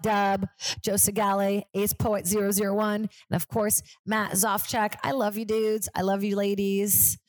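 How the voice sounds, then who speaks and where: A woman's voice: medium pitch, little pitch movement, measured pace, a little mellow. A young woman comedian hosting her podcast, chatting in a rambling, self-deprecating way. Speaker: podcast host, stand-up comedian. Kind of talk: casual chat.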